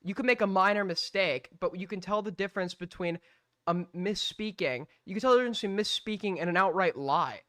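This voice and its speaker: A man with a high, bright and clear voice holds forth on his stream, blunt and argumentative, swearing freely. The sound is dry and close. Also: brisk, dry recording. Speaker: streamer host. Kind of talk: heated live-stream commentary.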